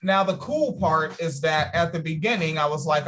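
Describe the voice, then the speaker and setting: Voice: medium pitch, normal speed, a bit bright. A podcast host from Washington State, chatting casually, profane and rambling.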